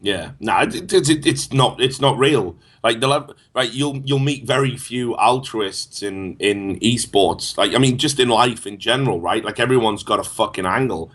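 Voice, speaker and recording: A man with an average-pitched voice co-hosting a talk show. He rants heatedly and swears constantly, in a casual, profane banter style. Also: moderate pace, hardly any pauses, fairly bright tone, husky. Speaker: podcast co-host.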